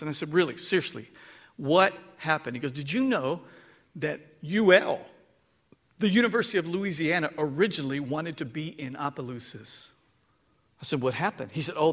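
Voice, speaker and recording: A man preaching a sermon, dropping to a hush and then rising to shouts. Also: fairly high pitch. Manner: swings from hushed to shouting. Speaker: pastor.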